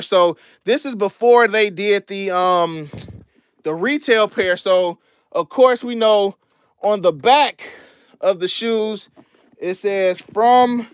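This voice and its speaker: Young man, high pitch, dry close sound, casual slangy livestream host. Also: smooth, no echo. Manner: laid-back slangy chatter, shouting out donors. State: out of breath. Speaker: sneaker channel host. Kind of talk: casual livestream show-and-tell.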